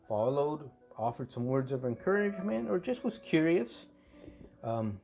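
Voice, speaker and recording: Man, casual workshop narration, rambling, self-correcting, mid pitch, faint guitar music behind. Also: a little mellow. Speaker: scale model restorer.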